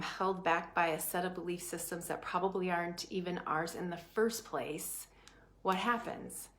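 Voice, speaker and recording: With a voice on the low side, this prosperity coach gives an animated, emphatic motivational talk to her class. She swings suddenly from rapid bursts to slow, stretched phrases and keeps checking in with "right?"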